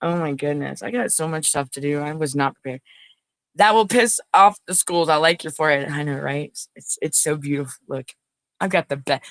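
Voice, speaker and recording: A woman with a low-pitched voice talks briskly while hosting a casual livestream on a phone mic, the recording dry. She chats in a rambling way and greets viewers by name.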